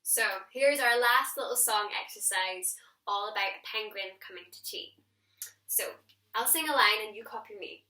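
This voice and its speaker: A young woman teaching a singing lesson, encouraging her students and demonstrating warm-up lines for them to copy. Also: medium pitch.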